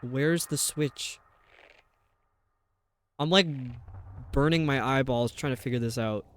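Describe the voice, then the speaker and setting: A man's voice: medium pitch, takes it slowly, fairly bright tone, clear, resonant tone. A man live-streaming a video game, rambling to his viewers as he puzzles over the level. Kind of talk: casual live-stream chat while gaming.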